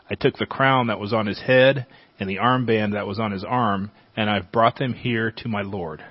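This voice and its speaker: A man reading a Bible chapter aloud as a teacher, at a measured pace. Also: lowish voice, slightly rough, dry recording. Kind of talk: scripture reading. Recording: dull, dry lo-fi sound.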